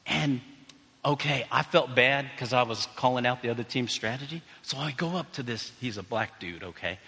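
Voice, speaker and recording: A man preaching as a pastor, telling a personal story with excited exclamations before leading a prayer in a church. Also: medium pitch, normal speed, creaky, a little hiss or hum. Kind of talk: sermon with personal anecdote and prayer. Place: church sanctuary. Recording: long hall reverb.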